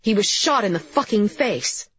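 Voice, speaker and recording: A woman's voice: medium pitch, lively intonation, moderate pace, fairly bright tone, breathy edge, voice pushed up. A woman voicing a tough female enforcer who talks in a cold, clipped way. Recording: slightly muffled recording.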